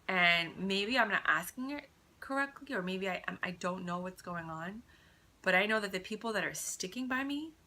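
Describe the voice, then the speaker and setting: A woman talking softly and earnestly in a personal spiritual vlog at home, sometimes dropping to a whisper. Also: fairly low pitch. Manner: soft, earnest, drifts into whispers. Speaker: vlogger.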